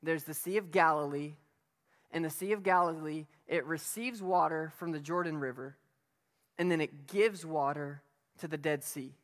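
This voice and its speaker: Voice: medium pitch, moderate pace. A preacher giving a sermon in an emphatic, conversational way, asking the listeners rhetorical questions. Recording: long reverb of a hall.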